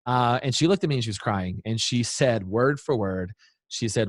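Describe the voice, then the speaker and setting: A man in his thirties or forties, an interview guest giving parenting advice in an earnest, animated way. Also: mid-range voice, normal speed, no echo, studio quality. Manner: earnest, animated, acts out quoted voices. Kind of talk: interview storytelling.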